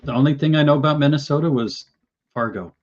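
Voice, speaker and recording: Husky wisecracking man reading comments. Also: fairly high pitch, fast talker, darkish tone, highs cut off. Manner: wisecracking, reads out viewer comments. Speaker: jewelry maker hosting a live stream. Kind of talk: casual live-stream chat.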